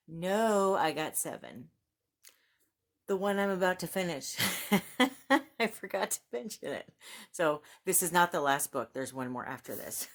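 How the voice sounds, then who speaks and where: Low-voiced, gushing woman book vlogger. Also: measured pace, long pauses. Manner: gushing and excitable, laughs often. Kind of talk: casual book haul chat, reading blurbs aloud.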